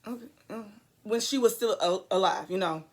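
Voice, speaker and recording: A woman delivers an earnest motivational talk straight to the camera, preachy and emphatic, repeating her key phrases for weight. Her voice sits at a mid pitch, and she wanders into loose, chatty asides between the urgings. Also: moderate pace. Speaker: vlogger.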